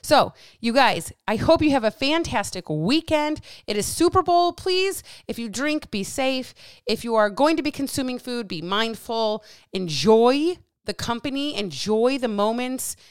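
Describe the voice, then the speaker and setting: A woman's voice: a little high, a little slow, smooth, no echo, studio quality. A woman hosting a solo podcast as a coach, talking bluntly with plenty of swearing and getting heated up. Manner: blunt, profane, fired-up; animated with hands.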